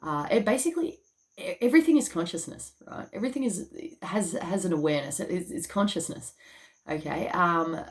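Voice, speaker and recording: A woman's voice: on the low side, expressive, brisk. An Australian woman talking casually to her viewers, chatty, swearing freely and saying "okay" again and again. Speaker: spiritual channel and YouTuber. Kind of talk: casual talk to camera.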